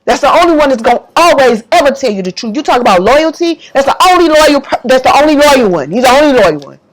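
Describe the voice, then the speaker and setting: A woman's voice: sits high, sing-song, quick pace. A woman giving an impassioned religious monologue to camera, emphatic and repetitive, audibly emotional. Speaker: faith vlogger.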